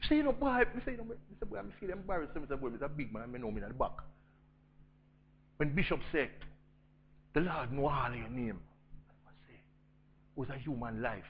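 A man with a Jamaican accent preaching a storytelling sermon, swinging between loud emphasis and hushed intensity. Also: a little high, very animated, fairly quick, long pauses, dull audio, slight background noise.

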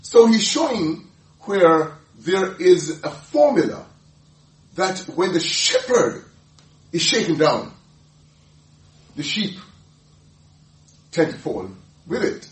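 Man, preacher, sermon, emphatic, lively pitch, slightly high voice, far from the mic, echoey room. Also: measured pace, long pauses. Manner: animated, emphatic, laughs often, repeats words. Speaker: pastor.

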